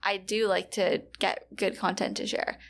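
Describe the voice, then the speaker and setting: A young woman in her twenties talks casually as a podcast co-host, her voice carrying a gravelly, vocal-fry edge. She rambles a little, trailing off with fillers as she thinks aloud. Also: medium pitch, flat delivery, moderate pace. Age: 20s. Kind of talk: casual chat.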